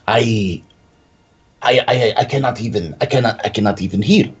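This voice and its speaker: A man playing a tabletop game in character, talking haltingly with many restarts. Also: lowish voice, husky, dull audio, soft background music. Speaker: player.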